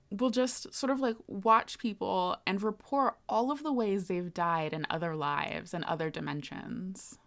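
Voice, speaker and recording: A woman narrating as game master, easygoing, with frequent fillers and laughs. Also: mid-range voice.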